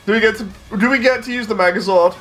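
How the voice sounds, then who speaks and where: A man's voice: sits high, faint music behind. A man streaming his reactions to a game showcase, rambling and joking in casual commentary. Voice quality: excitable, rambling, quick to joke.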